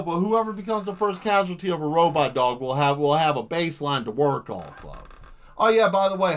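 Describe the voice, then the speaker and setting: A man hosting a live art stream, rambling and joking with lots of swearing while he paints. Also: fairly high pitch. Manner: profane, animated, jokey, acts out quick voices.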